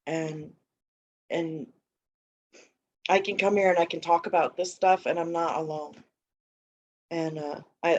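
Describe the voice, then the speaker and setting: A woman speaks in a lowish voice, halting and searching, with many fillers and restarts as she shares at a recovery meeting. The audio is dull and lo-fi. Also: darkish tone. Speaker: meeting member sharing.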